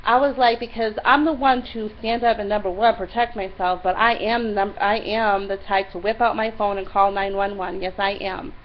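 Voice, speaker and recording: A young woman casually telling a diary-style story, retelling it with lively exasperation and quoting herself often. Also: medium pitch, normal speed, hardly any pauses. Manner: animated, exasperated retelling with many "I'm like" quotes. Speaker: vlogger. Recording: slightly dull lo-fi recording with faint hiss.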